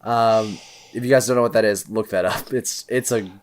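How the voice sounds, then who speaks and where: A man's voice: on the low side, steady tone, normal speed, crowd noise. A man co-hosting a podcast in casual chat, goofy and teasing. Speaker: podcast co-host.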